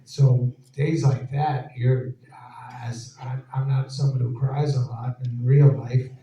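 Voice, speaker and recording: A man's voice: medium pitch, steady tone, slow pace, dark tone. A man telling laughing, rambling anecdotes to a live audience in an event hall. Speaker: actor guest at a Q&A. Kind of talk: casual storytelling on stage. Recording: echoey dull hall sound from far off.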